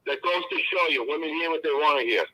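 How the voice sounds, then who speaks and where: A man's voice: on the high side, fast, sharp tone, rough recording. A man co-hosting a casual live chat stream, telling stories in a tough-guy mobster manner. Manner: tough-guy mob banter, storytelling.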